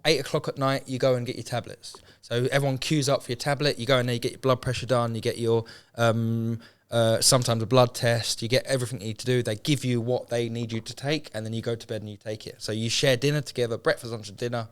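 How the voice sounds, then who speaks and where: A man speaking as an interview guest, telling a hard personal story in a candid, unpolished way. He swears freely, restarts his sentences and slips into the voices of people he quotes. His pitch sits in the middle for a man. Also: little pitch movement, fast talker, smooth.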